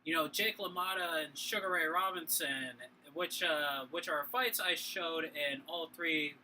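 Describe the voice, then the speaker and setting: Rambling tipsy man, bright voice. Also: on the high side, a little slow, a little hiss or hum, rough recording. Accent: Boston. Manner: rambling, animated, many fillers and restarts. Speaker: podcast co-host. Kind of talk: casual sports chat.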